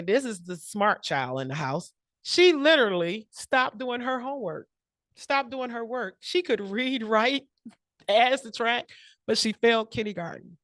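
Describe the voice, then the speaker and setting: A woman's voice: medium pitch, a bit bright, dry recording, clean studio sound. Laughing, teasing woman hosting a meeting. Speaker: table topics host at a speaking club meeting. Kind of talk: hosting a meeting, casual and joking.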